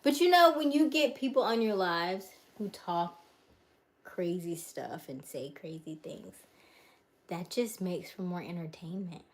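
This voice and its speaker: A woman with a lowish, expressive voice speaks a little slowly while hosting a casual livestream from her home mid-move. She reads and answers viewer comments aloud, laughing frequently and trailing off.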